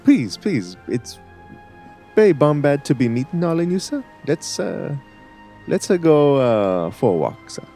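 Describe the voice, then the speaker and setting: A man's voice: fairly high pitch, big pitch swings, a little slow, warm tone, soft background music, voice pushed up. A man doing an eager, pleading female Gungan. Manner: pleading, broken grammar.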